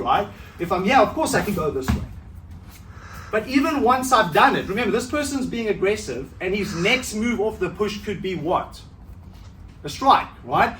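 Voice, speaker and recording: A middle-aged man teaches a self-defense seminar in a relaxed, conversational way, tagging nearly every point with a quick "right?" His voice sits high for a man. The training hall sounds echoey and distant with faint ambience, a far-off mic, and a little hiss or hum.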